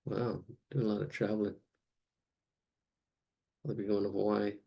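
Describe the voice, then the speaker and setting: A man talking casually to himself as he draws during a class practice, rambling and chuckling in quiet asides. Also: lowish voice, level tone, normal speed, vocal fry, slightly rough. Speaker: drawing instructor. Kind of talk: casual narration while drawing.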